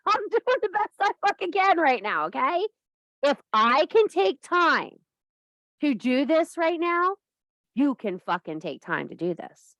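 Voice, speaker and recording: A woman's voice: medium pitch, no echo. A woman giving a casual spoken lecture on witchcraft, blunt and profane, firing up her listeners and laughing often mid-sentence. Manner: blunt, profane, fired-up pep talk. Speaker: witchcraft teacher.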